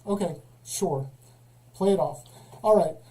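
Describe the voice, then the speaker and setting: A man's voice: sits high, measured pace, dark tone, rough recording. A man hosting a live call-in stream, questioning callers in a dry, sarcastic way. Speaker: livestream host. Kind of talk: casual live call-in chat.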